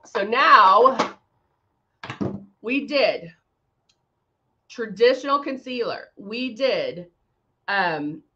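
A woman's voice: fairly high pitch, lively intonation, very slow, pauses often, bright, forceful tone, muffled recording. Chatty woman hosting a live stream. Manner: chatty, rambling, reads out viewer comments; laughs often, many fillers. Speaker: makeup brand host. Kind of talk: casual live-stream chat.

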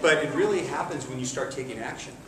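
A man, a martial arts instructor, giving an energetic call-and-response talk to children at a school assembly, coaxing them to repeat phrases. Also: medium pitch, quick pace, a crowd in the background. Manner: energetic, coaxing, asks questions and has the kids repeat phrases. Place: large echoey room such as a school gym. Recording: echoey hall from far off with kids' noise. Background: children's voices and room noise.

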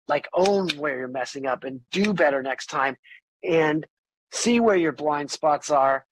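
A middle-aged man talking as a podcast guest and musician, candid and animated, swearing freely in casual conversation. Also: fairly high pitch, dry recording, poor audio.

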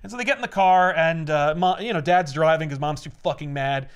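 A man's voice: fairly high pitch, fairly quick, clean tone. A man co-hosting a podcast, recapping a TV episode in casual, profane chat and acting out the characters' lines. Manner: animated, profane, acts out quotes. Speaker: podcast co-host.

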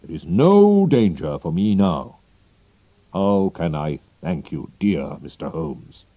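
A man playing an emotional male king in a storybook reading, with drawn-out, emphatic lines. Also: deep voice, very animated, no room sound, phone-quality sound, pitched below the performer's own voice, exaggerated voice. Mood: wistful. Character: emotional middle-aged male king, pleading. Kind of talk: audiobook character reading.

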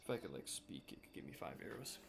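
An excitable man commentates as he plays, his pitch leaping all over the place. He swears playfully and talks straight to the game, with music playing behind him. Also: quick pace, gravelly. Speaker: let's play gamer. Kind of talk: casual gameplay commentary.

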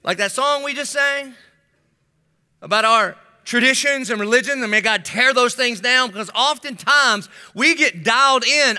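Bright-voiced pastor preaching in a hall. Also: male voice, high-pitched. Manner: storytelling, humorous asides to the congregation. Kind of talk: sermon. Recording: long hall reverb.

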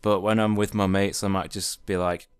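A Yorkshire-accented man talks through a casual accent-tag video in a dry, wry and relaxed way. His voice sits low and comes across smooth and resonant. The sound is close and dry, with no room around it. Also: normal speed, no echo. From Yorkshire, England. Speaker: vlogger.

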